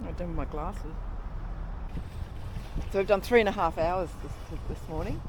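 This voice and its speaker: A woman's voice: fairly low pitch, moderate pace. A middle-aged Australian woman chatting wryly and bluntly as she films a travel vlog outdoors, swearing casually. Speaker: travel vlogger. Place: outdoors in a town, by motorbikes. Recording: outdoor recording with clear street noise.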